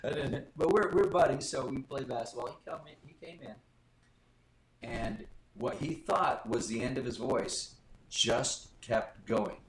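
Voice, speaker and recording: A middle-aged man, a vocal coach guest, telling stories in a lively way and jumping up in pitch when he quotes people. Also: unhurried. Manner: animated storyteller, jumps up in pitch when quoting people. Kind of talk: live-stream interview storytelling. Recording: roomy echo.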